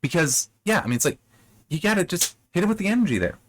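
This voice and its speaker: A man giving a casual spoken critique of a book chapter, rambling with many restarts and sudden rises in pitch when he gets worked up. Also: sing-song, quick pace, dry recording. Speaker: book reviewer.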